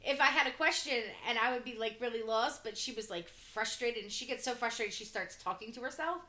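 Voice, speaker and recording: High, bright-voiced chatty woman. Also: fairly quick, roomy sound. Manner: chatty, laughing storyteller. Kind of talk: casual chat.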